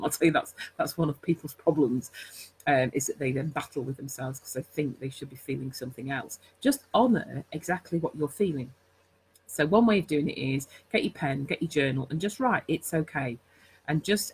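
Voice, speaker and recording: A woman's voice: low voice, a little hiss or hum, rough recording. A woman hosting a live stream, chatty and rambling, full of fillers and self-corrections as she teaches. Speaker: host.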